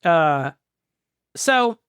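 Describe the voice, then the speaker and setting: A man's voice: a little high, very animated, very slow, fairly bright tone, smooth, no room sound, clean studio sound. A man co-hosting a comedy podcast, riffing sarcastically in casual chat. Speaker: podcast co-host.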